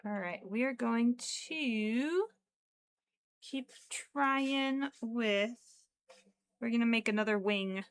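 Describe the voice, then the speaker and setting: A woman chatting casually on a craft livestream, slow and chatty, at times cooing baby talk to her pet. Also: a little high, smooth, low-quality recording. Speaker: crochet streamer.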